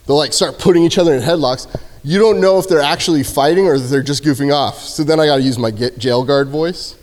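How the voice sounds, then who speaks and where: A man's voice: on the high side, fairly quick. Joking man preaching in a reverberant church. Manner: casual, jokey, acts out shouted quotes. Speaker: youth speaker. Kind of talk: youth sermon. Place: church sanctuary. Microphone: handheld microphone. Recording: hall reverb.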